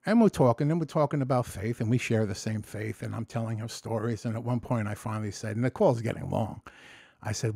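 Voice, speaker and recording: In this frank personal vlog, a man narrates emotionally, restarting often and cursing as he rambles, shifting between excitement and hushed reflection. He talks fairly quickly in a creaky voice, with clean studio sound and no room sound.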